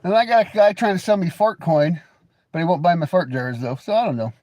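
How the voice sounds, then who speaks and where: Teasing American man with a lively voice. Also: high voice, brisk, no room sound. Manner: crude, teasing, mocking banter. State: coughing. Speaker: livestream host. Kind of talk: casual livestream chat.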